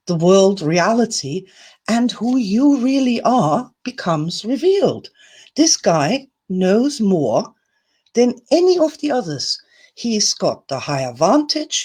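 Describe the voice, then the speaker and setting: A woman's voice: mid-range voice, darkish tone, slightly rough. A woman teaching a self-help lesson in a chatty, playful, emphatic way. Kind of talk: recorded video lesson.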